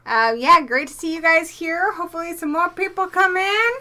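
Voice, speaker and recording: A high, bright, forceful woman's voice, young and excitable. She hosts a casual live stream about horror movies, greeting chat viewers by name and tossing in the odd swear word. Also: moderate pace. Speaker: horror movie YouTube host.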